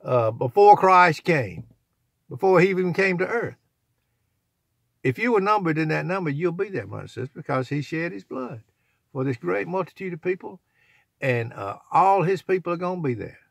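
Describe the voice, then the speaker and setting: Older man, gravelly folksy voice. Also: fairly high pitch, sing-song, normal speed, no echo, clean studio sound. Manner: rambling, folksy, preachy. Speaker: channel owner. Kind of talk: rambling religious vlog talk.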